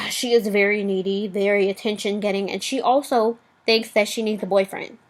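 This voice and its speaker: A woman's voice: mid-range voice, fairly even intonation, moderate pace, poor audio. A woman vlogger delivering a blunt, profanity-laced rant, rambling with asides and fillers.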